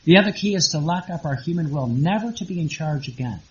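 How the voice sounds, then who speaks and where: A man's voice: a little high, expressive, quick pace. A man, probably a priest, giving a rambling sermon full of rhetorical questions and repeated words. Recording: dull lo-fi recording.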